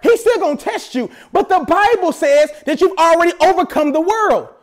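High-voiced guy preaching at church, lively and jokey. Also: moderate pace. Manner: animated preaching with playful asides. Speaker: pastor. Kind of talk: sermon. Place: church service.

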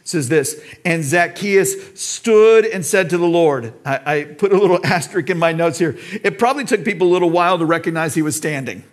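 A man's voice: fairly high pitch, lively intonation, fairly quick, few pauses. A pastor with an American accent preaching an earnest sermon to his church, now and then acting out voices in the story he tells. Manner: earnest preaching, acts out quoted dialogue.

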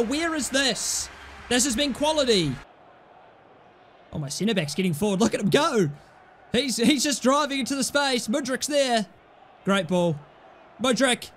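A young man calls his own football video game, swearing and shouting at his players. His voice sits very high and bright. A faint hiss runs under the recording. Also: lively intonation, normal speed, long pauses. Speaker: gaming YouTuber. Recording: faint background noise.

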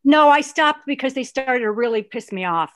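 A woman guest, an actress, chatting and telling stories in an animated way, with a lot of restarts. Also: high voice, moderate pace, dry recording. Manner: animated, rambling storyteller with many restarts. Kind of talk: casual interview chat.

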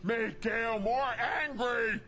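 A man's voice: very high voice, fairly even intonation, takes it slowly, full character voice. An actor playing a huge, angry male super mutant who speaks in broken sentences and refers to himself in the third person. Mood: furious, desperate. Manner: broken speech, referring to self in third person, shouting bursts. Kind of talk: video game dialogue.

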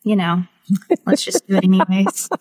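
Animated Southern woman hosting a podcast. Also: mid-range voice, normal speed. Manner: animated, thinks aloud, reads excerpts from a book. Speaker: podcast host. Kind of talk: casual interview chat.

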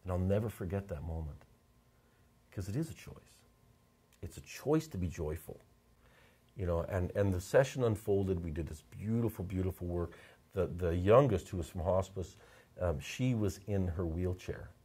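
A man with a very low voice tells a heartfelt story in a casual interview. He halts and repeats words often, sometimes getting choked up, and speaks. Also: lively intonation, warm tone, breathy edge. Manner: halting, repeats words, emotional. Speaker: portrait photographer, interview guest.

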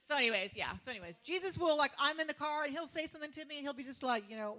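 A woman preacher, giving a lively sermon full of laughter, casual slang and sarcastic humor. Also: high-pitched, rapid-fire, few pauses.

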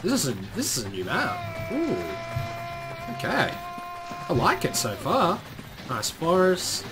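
A high-pitched man calls his gameplay live, swearing freely and breaking into sudden shouts. His voice leaps all over the place as he reacts. Game music plays clearly behind him. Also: takes it slowly. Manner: excitable, profane, bursts into shouts and laughter. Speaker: gaming commentator.

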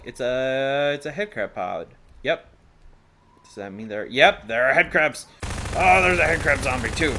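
A man's voice: medium pitch, fairly bright tone, a little hiss or hum. Playful man rambling over gameplay. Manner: rambling, playful, jokes at himself. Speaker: let's play host. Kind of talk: gameplay commentary. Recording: game sounds under the voice.

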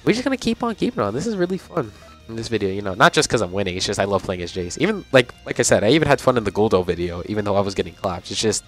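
A young man giving casual, chatty commentary on a video game as he plays, reacting out loud and laughing often. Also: on the low side, big pitch swings, racing. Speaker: gaming channel host. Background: game music.

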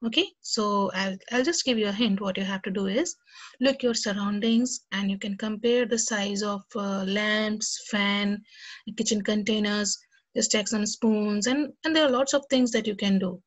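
A woman's voice: medium pitch, moderate pace. A woman teaching a lesson to young children and reading them a story, talking to them cheerfully and directly. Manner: cheerful, speaks directly to kids.

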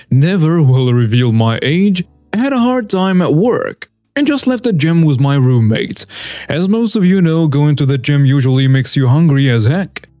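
A man tells reader-submitted stories as scripted narration, with a lively, somewhat high voice that swings up and down. The sound is close and dry, with faint background music running under it. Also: no room sound. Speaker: story narrator.

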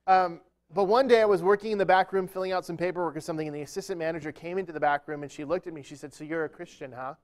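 A man's voice: sits high, steady tone, rapid-fire, few pauses. A man speaking at a church event, telling a humorous, self-deprecating story within a sermon-style talk.

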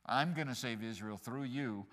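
A male pastor's bright, forward, medium-pitched voice rings through a reverberant church sanctuary as he delivers a lively sermon. He climbs to loud emphatic peaks and throws joking asides to the congregation.

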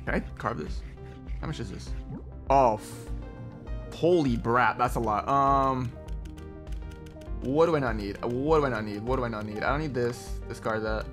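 A man's voice: medium pitch, measured pace, long pauses, a bit bright, faint music behind. A man streaming a game and chatting casually, telling stories animatedly, laughing often and calling people bro. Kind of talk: casual gaming stream chat.

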